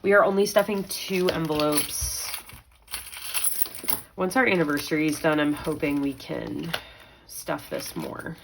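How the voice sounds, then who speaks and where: In this budgeting vlog, a young pregnant woman counts out money aloud, chatting away and mildly talking to herself. She speaks a little slowly in a deep, fry-tinged voice, pausing often. Background noise is audible.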